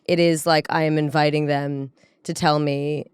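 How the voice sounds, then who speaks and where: A woman's voice: low-pitched, little pitch movement, moderate pace, smooth, no room sound, studio quality. A woman from Boston's North Shore, a comedian guest telling sardonic, profane stories. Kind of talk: casual chat.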